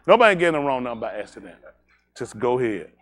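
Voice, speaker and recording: A man's voice: mid-range voice, sing-song, fast talker. A man telling an anecdote to a congregation and drawing a moral from it. He keeps repeating "I said", laughs through the telling, and turns to blunt warnings for young listeners. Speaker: speaker at a livestreamed congregation.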